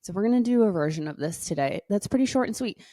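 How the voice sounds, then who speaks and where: A woman wellness coach leading stretches and guided breathing, playful and upbeat at first, then slow and soothing. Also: mid-range voice, lively intonation, warm tone, no room sound, clean studio sound. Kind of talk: exercise and guided breathing instruction.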